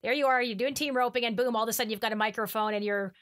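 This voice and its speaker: A woman hosting a podcast interview, asking brisk, upbeat questions. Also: a little high, fairly even intonation, fairly bright tone. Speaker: podcast host.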